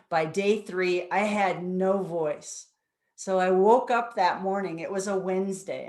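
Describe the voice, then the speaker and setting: A woman's voice: mid-range voice, a little mellow. A woman in her fifties giving a personal storytelling talk as a guest speaker at a spiritual center, earnest and reflective. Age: 50s.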